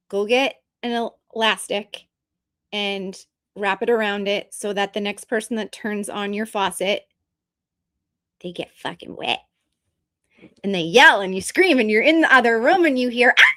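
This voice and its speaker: A woman's voice: on the high side, fairly bright tone, no room sound, studio quality. A woman hosting a live stream, chatting casually with viewers in a rambling, joking and bluntly profane way. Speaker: streamer host.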